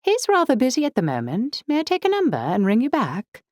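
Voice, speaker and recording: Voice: sits high, huge pitch swings, brisk, a little mellow, dry recording, clean studio sound, voice pushed up. A narrator voicing a curt receptionist woman with a nasal, upper-class British accent. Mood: formal. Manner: curt, clipped, formal.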